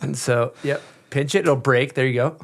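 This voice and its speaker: A man hosting a podcast in a relaxed, jokey, upbeat way. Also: medium pitch, moderate pace, background noise. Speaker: podcast host. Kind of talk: casual chat.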